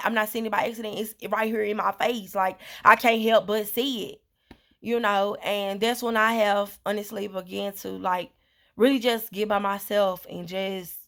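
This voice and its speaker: A woman's voice: medium pitch, gravelly, a bit bright. Earnest rambling woman vlogger. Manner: earnest, rambling, many fillers and repetitions. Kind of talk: casual heartfelt monologue.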